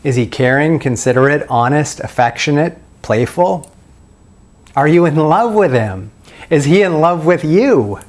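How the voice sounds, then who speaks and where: A man's voice: a little high, expressive, unhurried. A man giving self-help dating advice in a video, walking the listener through a long run of guiding questions. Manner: asks the listener question after question in a coaching tone. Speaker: dating coach.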